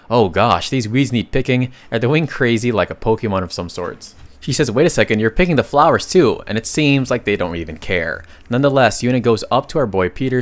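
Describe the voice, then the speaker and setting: A man narrating a comic story recap in a casual, chatty way, reading the characters' lines aloud and adding slangy asides. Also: mid-range voice.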